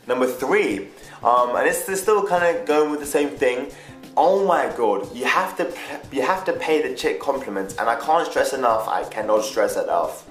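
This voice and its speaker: A man's voice: medium pitch, lively intonation, moderate pace. A young man rambling through casual dating advice, chatty and loose, swearing and restarting his sentences. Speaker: vlogger. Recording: echoey room with faint music.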